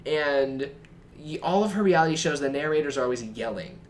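Young man, dry and teasing, slightly high voice. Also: animated, brisk, a little hiss or hum. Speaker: podcast co-host. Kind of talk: casual chat.

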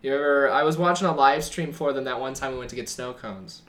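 A man's voice: medium pitch, fast, a bit bright. Man rattling off tech facts. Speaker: podcast co-host. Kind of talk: casual chat.

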